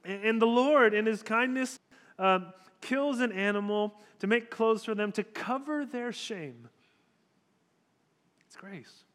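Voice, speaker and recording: A man's voice: high-pitched, takes it slowly, a bit bright. A male pastor preaching a sermon in a church hall, conversational and emphatic. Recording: long hall reverb.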